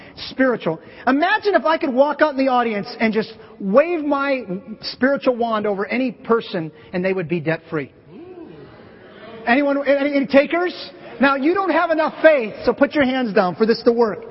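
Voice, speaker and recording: A pastor delivers a sermon with a husky, breathy voice that sits unusually high. He jokes with volunteers beside him as he goes. The recording is dull and lo-fi, with long reverb from the sanctuary. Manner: playful, joking with volunteers on stage. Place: church sanctuary.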